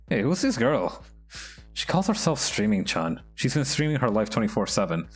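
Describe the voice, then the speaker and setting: A man's voice: medium pitch, very animated, normal speed, faint music behind. A man giving playful, self-mocking commentary while playing a story game. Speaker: game streamer. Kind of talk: casual let's-play commentary.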